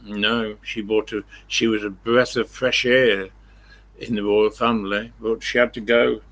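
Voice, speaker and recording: A man's voice: lowish voice, little pitch movement, measured pace, a bit bright. An older man hosting a live stream, chatting in a rambling, blunt way, swearing freely and correcting himself as he goes.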